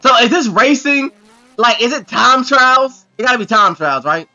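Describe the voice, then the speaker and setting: A man hosting a reaction video, with excitable, exclamatory commentary full of profane slang. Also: very high voice, moderate pace, highs cut off.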